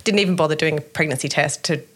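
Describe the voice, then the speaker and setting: A woman, telling her story in an interview, animated and laughing often as she acts out what people said. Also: low voice, fast. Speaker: interview guest. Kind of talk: candid conversational storytelling.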